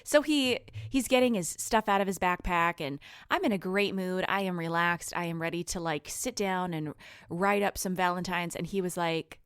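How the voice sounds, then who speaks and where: Giggly, smooth-voiced woman podcast co-host. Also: on the low side, moderate pace, fairly bright tone, no room sound, clean studio sound. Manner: giggly, rambling storyteller. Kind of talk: casual chat.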